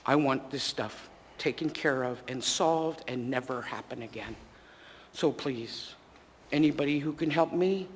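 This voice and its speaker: A middle-aged man giving frustrated, pleading public testimony at a podium microphone in a council chamber. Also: mid-range voice. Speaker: public commenter. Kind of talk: public testimony at a city meeting. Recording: echoey chamber with faint background noise.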